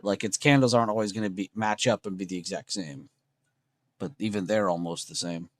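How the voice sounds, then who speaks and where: Speaking fairly quickly in a low voice, a young man runs a trading livestream. His talk with viewers is easygoing and full of slang, peppered with "bro" and "dude."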